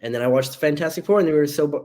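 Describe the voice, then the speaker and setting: A man with a somewhat higher voice co-hosts a casual movie podcast. He jokes and boasts playfully, tossing in quick asides as he talks. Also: warm tone, a little hiss or hum. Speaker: podcast co-host.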